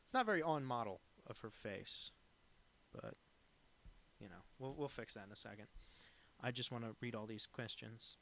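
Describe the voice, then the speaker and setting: A man's voice: mid-range voice, lively intonation, moderate pace, gravelly, pauses often, a bit bright, a little hiss or hum. Guy rambling along while he doodles on a live stream, ordinary mid voice, keeps teasing himself. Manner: rambling and digressive, with many fillers; self-deprecating. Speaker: cartoonist drawing viewer requests on a live stream. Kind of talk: casual live-stream chat.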